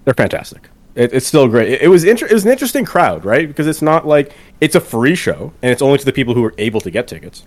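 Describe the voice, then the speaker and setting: A man's voice: mid-range voice, sing-song, quick pace. A man co-hosting a casual sports and music podcast, chatty and prone to emphatic rants. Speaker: podcast co-host. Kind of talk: casual chat.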